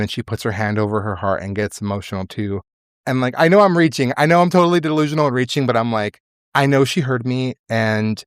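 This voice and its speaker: Young male podcast host, lowish voice, dry close mic, open and emotional, swears casually. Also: clear, resonant tone, no echo. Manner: candid, emotional, swears freely. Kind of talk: casual solo podcast talk.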